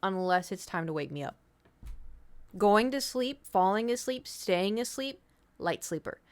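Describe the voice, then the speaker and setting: A woman's voice: medium pitch, expressive, measured pace, a little mellow, smooth. A woman streamer chatting casually with viewers, telling a rambling story with swearing and the odd whispered aside. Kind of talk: casual chat.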